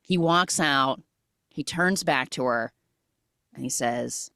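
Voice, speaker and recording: A woman hosting a podcast, recapping a film in a casual, animated way with lots of "like" fillers. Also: very deep voice, slow pace, creaky, pauses often, no echo, clean studio sound. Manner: animated storytelling with frequent "like" fillers. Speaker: podcast host.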